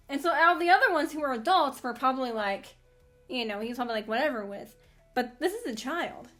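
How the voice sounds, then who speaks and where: Animated woman gushing about anime. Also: fairly high pitch. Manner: animated and rambling, with frequent laughs and restarts. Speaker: anime commentary host. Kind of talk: casual fan commentary.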